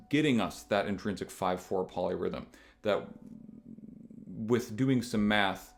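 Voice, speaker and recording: Low-voiced man explaining banjo rhythm. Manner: rambling, thinks aloud with many restarts and fillers; counts beats aloud while demonstrating. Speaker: banjo teacher. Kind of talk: casual instructional explanation.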